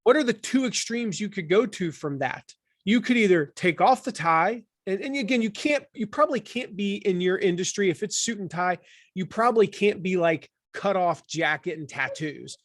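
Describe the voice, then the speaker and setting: A man in his forties from the Southern United States, talking as an author in an interview, animated and full of restarts. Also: high-pitched, moderate pace, no echo, studio quality. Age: 40s. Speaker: author and guest. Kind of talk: conversational interview.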